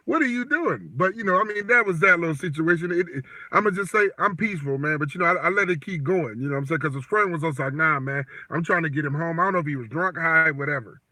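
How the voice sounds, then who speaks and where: A man co-hosting a livestream, telling a story in animated casual chat and acting out the quotes. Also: a little high, quick pace, hardly any pauses, no echo. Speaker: livestream co-host.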